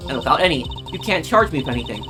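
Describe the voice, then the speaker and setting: A man's voice: mid-range voice, sing-song, very fast, lightly acted. A man voicing a smug, scheming woman prison warden, trying a French accent and talking down to everyone as "darling", over game music. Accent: attempted French. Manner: purring, condescending, calls people darling.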